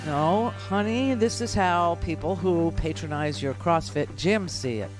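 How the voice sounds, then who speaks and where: A woman's voice: on the low side, measured pace, over music. A woman hosting a political talk radio show, giving sarcastic, combative commentary.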